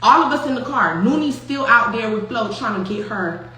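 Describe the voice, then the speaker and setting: A young woman with a high, bright voice telling a story casually, swearing freely and breaking into laughter. The sound is very echoey, as if from a bare room, with faint background noise. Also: fairly quick. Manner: animated, profane, laughs often. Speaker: host.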